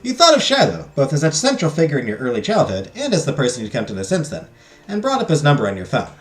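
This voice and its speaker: A man's voice: medium pitch, wildly swooping pitch, fast, faint music behind. A man streaming a visual novel, reading the story text aloud and dropping crude joking asides. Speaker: game streamer. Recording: echoey room.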